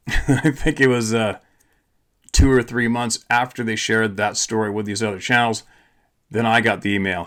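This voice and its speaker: A man's voice: fairly low pitch, fairly even intonation, normal speed, pauses often, a bit bright. Blunt, tired male channel host. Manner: blunt and swearing, repeats himself, trails off and restarts. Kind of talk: casual monologue to viewers.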